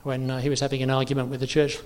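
A man gives an informal church teaching, chatty and full of restarts and fillers, at an ordinary middle pitch. His voice rings out with a long reverb, as if he is recorded in a church hall. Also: completely flat delivery, very fast. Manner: chatty, self-correcting, many fillers. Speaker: preacher.

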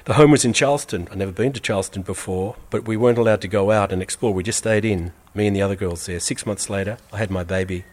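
A man reading a first-person story aloud in an earnest, measured way, repeating phrases for weight. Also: lowish voice, darkish tone. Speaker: reader.

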